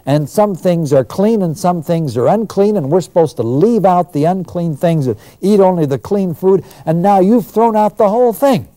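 An exasperated devout man protests indignantly to God, played by a lecturing man. His voice is mellow and dark, and his pitch rises and falls with emphasis. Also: lively intonation, normal speed, few pauses.

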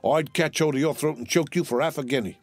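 A man voicing a threatening, blunt middle-aged London porter who speaks in rough, uneducated speech. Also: medium pitch, animated, fairly quick, a little mellow, soft background music, voice pushed up, lightly acted. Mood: gruff.

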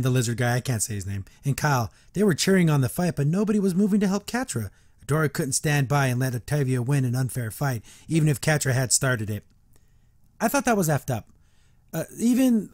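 A man's voice: a little high, darkish tone, no room sound, clean studio sound. A male podcast host reading a book aloud and reviewing it in a chatty, rambling way, restarting often.

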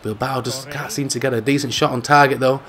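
A man giving casual, jokey commentary over his own football video game, loud and excitable at big moments. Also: medium pitch, fairly quick. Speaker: gaming YouTuber.

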